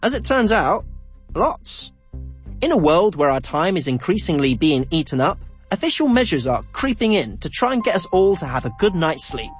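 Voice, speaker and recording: A man's voice: fairly high pitch, very animated, normal speed, soft background music. A man narrating a documentary in a scripted, personal way. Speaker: documentary presenter.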